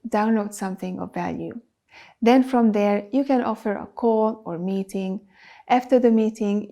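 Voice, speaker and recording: A woman who is not a native English speaker hosts a business advice talk to camera, producing videos for clients. She speaks emphatically and lists items in a steady rhythm. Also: a little high. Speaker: video producer and channel host.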